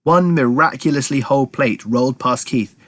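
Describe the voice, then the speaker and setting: A man reading a children's story aloud in a lively, expressive way. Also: medium pitch, normal speed.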